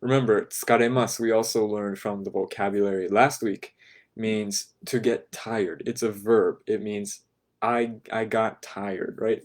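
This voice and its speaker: A man teaching a class, patiently breaking phrases down step by step and checking in with "right?", sometimes dropping to a soft, quiet voice. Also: fairly low pitch, steady tone, unhurried. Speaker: language teacher. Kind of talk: explaining a lesson to a class.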